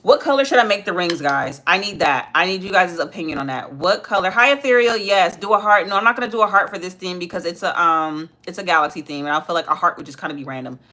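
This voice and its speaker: Young woman, livestream host, chatty, bright clear voice, slightly low pitch. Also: fast, hardly any pauses. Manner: chatty, talks to viewers while doing makeup. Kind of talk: casual livestream chat.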